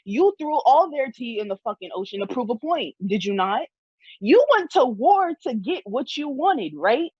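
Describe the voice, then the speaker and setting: A woman's voice: fairly high pitch, big pitch swings, moderate pace, breathy edge, dry recording, lo-fi sound. A young woman in a heated casual discussion, ranting fiercely with lots of swearing. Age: young adult. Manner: fiery, profane, ranting.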